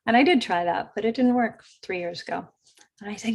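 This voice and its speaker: A woman hosting a show, telling a personal story in a chatty, lively way and acting out the quotes. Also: mid-range voice, brisk, gravelly. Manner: chatty, animated retelling with acted quotes. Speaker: host. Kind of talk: casual storytelling.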